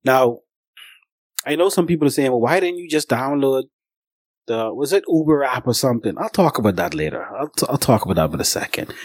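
A man's voice: medium pitch, darkish tone, no echo. A man telling a long, rambling story about his travels in a casual, conversational way, speaking straight to his viewers.

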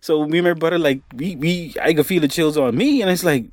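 A man's voice: a little high, fairly quick, few pauses, no echo, studio quality. A man casually telling a personal story on a podcast, talking to the listener like a friend and calling him "buddy" and "boy". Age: adult, grown since childhood events.

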